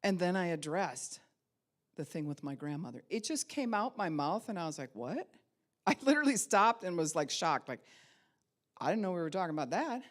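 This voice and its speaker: A middle-aged woman pastor preaching a sermon, telling a personal story and swinging from loud emphasis to hushed whispers. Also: lowish voice, sing-song, normal speed.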